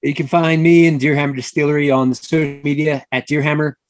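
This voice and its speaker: A young man who runs a distillery, telling relaxed anecdotes in a casual chat. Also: a little high, quick pace, no echo. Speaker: distillery owner guest.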